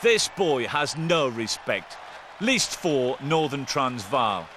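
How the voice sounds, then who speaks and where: A man presenting rugby clips in lively, boisterous commentary, breaking into shouts. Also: medium pitch, takes it slowly, background noise.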